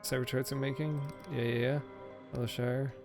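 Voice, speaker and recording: A man's voice: medium pitch, level tone, a little fast, over music. A man streaming a game, making casual, joking asides.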